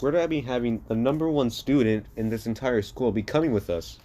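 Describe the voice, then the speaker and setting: Man reads a weary male teacher, plain and flat, low mellow voice. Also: a little fast, natural voice.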